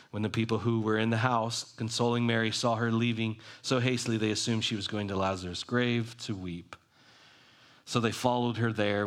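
Low-voiced man preaching a sermon. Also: fairly bright tone. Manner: expository preaching, reading scripture then explaining it conversationally. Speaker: pastor.

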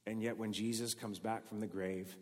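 Male pastor mid-sermon, a bit low-voiced, dynamic delivery from loud to hushed, long church-hall reverb. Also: moderate pace. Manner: animated, swings from loud bursts to soft intimate lines.

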